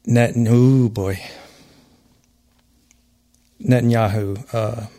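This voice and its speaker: A man's voice: medium pitch, fairly even intonation, drawn-out words, mellow. A man hosting a casual podcast, talking earnestly and emphatically, rambling and restarting his sentences. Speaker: podcast host.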